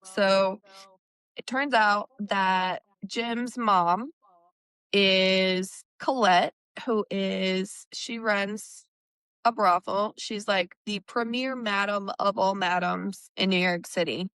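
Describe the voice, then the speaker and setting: A woman co-hosting a book discussion podcast, recapping chapters in an unhurried way with plenty of fillers. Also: medium pitch, fairly even intonation, fairly bright tone, smooth, no room sound. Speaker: podcast co-host.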